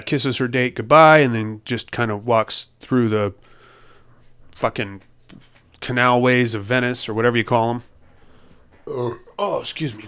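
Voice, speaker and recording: Smooth-voiced man rambling through a film recap. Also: mid-range voice, a bit bright. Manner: rambling, crude and joking. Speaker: podcast host.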